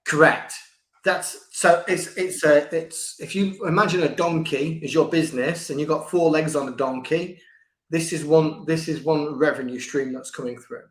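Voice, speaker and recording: An older man, a book coach, talking in a conversational interview, lively and restarting his sentences, sometimes acting out quoted voices. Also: a little high, moderate pace. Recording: echoey room.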